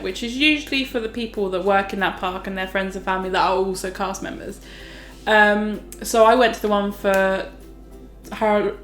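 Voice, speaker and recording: A woman's voice: mid-range voice, echoey room. Chatty young woman vlogging. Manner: chatty and animated, full of "like" and "um". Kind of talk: casual storytelling.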